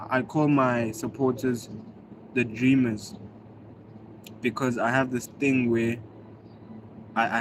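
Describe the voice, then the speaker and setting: A South African man whose native language is Zulu chats casually on a livestream, reading viewers' comments in a slangy, laid-back way and thanking them by name. His voice is mid-range, with noisy background sound.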